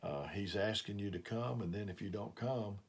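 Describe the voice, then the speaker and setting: A man's voice: fairly low pitch, moderate pace. An older man with an Alabama accent, preaching a sermon as a plain, folksy testimony with frequent fillers. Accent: Southern US, Alabama.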